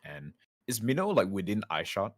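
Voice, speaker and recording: Deep-voiced man playing a tabletop game. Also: wildly swooping pitch, normal speed, no echo. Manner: explains at length, drops to a whisper in character. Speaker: player. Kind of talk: casual tabletop role-play chat.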